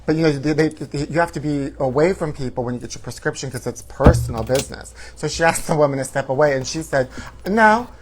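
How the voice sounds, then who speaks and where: A man hosting a comedy show, telling a campy, theatrical story, calling his listeners honey and breaking into shouted quotes. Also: on the high side, steady tone, fast, hardly any pauses, noisy background.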